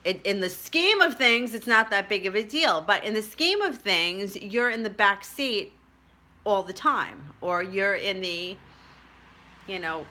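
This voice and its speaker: Woman, middle-aged, vlogger, chatty storytelling, self-mocking laughs, bright forceful voice. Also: medium pitch, expressive, a little slow. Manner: chatty, rambling, laughs at herself. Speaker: tarot reader and spiritual vlogger. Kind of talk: casual personal storytelling to camera.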